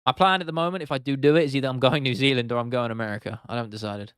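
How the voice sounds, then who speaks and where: A young man with an English accent chats casually on a live stream, swearing freely as he answers his chat. His voice is smooth and clear, with a middling pitch. The sound is dry and close to the mic. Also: fairly even intonation, very fast, a bit bright, no echo. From England.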